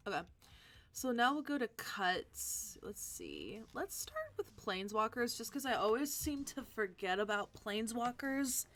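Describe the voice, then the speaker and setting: A woman's voice: on the high side, huge pitch swings, measured pace, a bit bright. A woman hosting a live stream, chatting casually and answering viewers' comments as she thinks aloud. She is tired and sleepy. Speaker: livestream host.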